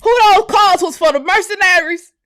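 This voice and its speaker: A woman's voice: sits high, lively intonation, normal speed, a bit bright, dry recording, clean studio sound. A woman hosting her channel, giving loose, outspoken reaction commentary full of exclamations and laughter. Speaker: channel host.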